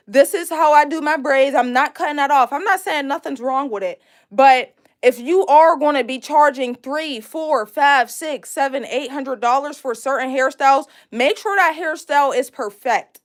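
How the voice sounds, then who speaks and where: A young woman from Pittsburgh with a high, bright-toned voice runs a casual live braiding lesson. She chats freely with her viewers, reads their comments aloud and laughs easily as she works. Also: normal speed. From Pittsburgh, USA. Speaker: braiding instructor hosting a live stream. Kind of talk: casual live-stream tutorial.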